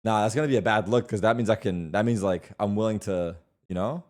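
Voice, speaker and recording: A man's voice: fairly low pitch, fast talker. A young man streaming live, bantering with his chat in a loose, defensive way and swearing freely.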